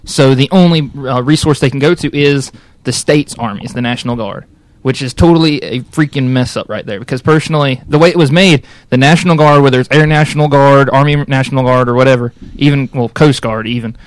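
A man's voice: medium pitch, a little fast, hardly any pauses, no echo. A man in casual conversation, talking in an opinionated, rambling way with many restarts. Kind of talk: casual chat.

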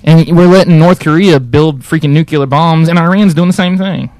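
A man's voice: on the high side, moderate pace, darkish tone, no room sound. A man in casual conversation, talking in an opinionated, rambling way with many restarts. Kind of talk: casual chat.

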